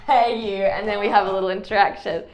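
A woman's voice: medium pitch, fairly even intonation, fast talker, muffled recording. A woman co-hosting a casual chat show. She tells stories with animation and acts out what other people said. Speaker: podcast co-host. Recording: echoey room, faint music.

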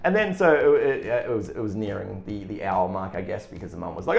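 A man's voice: lowish voice, fairly quick, gravelly. A man telling a rambling, self-deprecating story in casual chat, with many restarts. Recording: echoey room with faint music.

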